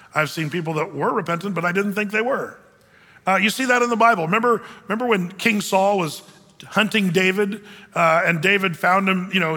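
A man preaching a sermon in a loose, conversational way, acting out the people he quotes. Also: high voice. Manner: conversational, animated, acts out quoted voices. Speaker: pastor. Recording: long reverb of a large hall.

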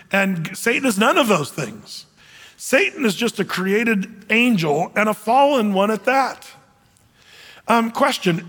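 With a long reverb echoing through the church sanctuary, this pastor delivers a casual, conversational sermon in a high, slightly bright voice. He mocks gullible believers by putting on sarcastic impressions.

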